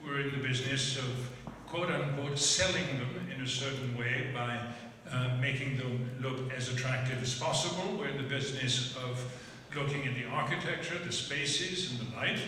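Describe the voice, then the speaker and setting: Bright-voiced man moderating in an echoing hall. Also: mid-range voice. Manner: halting and measured, many hesitant fillers. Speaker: moderator of the conversation. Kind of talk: unscripted panel conversation. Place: large event hall with a live audience. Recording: roomy hall echo, distant, faint hiss.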